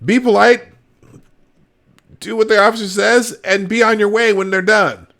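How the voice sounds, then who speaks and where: With a high, gravelly, slightly bright voice, this host keeps a steady tone at a moderate pace. He's a middle-aged man from Minnesota, United States, giving animated, emphatic commentary with laughs on a live show.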